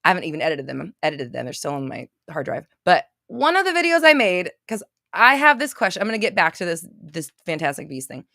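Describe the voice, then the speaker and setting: A woman's voice: lowish voice, sing-song, fast talker, gravelly, pushed and bright, dry recording. Blunt, swearing woman host, dry sound. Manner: blunt, swears freely, ranting. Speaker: podcast host. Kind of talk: casual live-stream chat.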